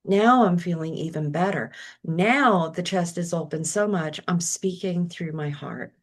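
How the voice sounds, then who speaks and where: A woman's voice: on the low side, measured pace. A middle-aged woman talking as a podcast guest, reflective and acting out her own inner thoughts as she goes. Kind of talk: casual interview talk.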